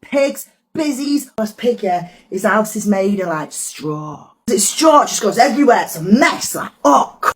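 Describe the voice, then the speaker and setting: A woman's voice: mid-range voice, expressive, measured pace, hardly any pauses, slight background noise. Rambling woman telling a kids' story for laughs. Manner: rambling, gruff, chatty storyteller. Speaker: comic storyteller. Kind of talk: comedic story time.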